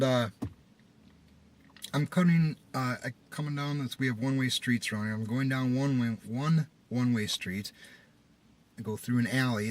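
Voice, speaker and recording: Exasperated man telling a story. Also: mid-range voice. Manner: animated, exasperated retelling with rising outbursts. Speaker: small business owner. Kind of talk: casual storytelling vlog.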